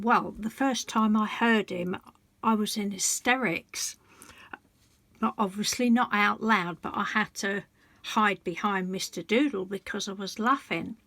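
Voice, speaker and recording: In a dry recording, a woman in her sixties speaks unhurriedly in a mid-range, fairly bright voice. A colouring book vlogger, she tells her viewers emotional stories in a rambling, confiding way, frequently interrupting herself and restarting.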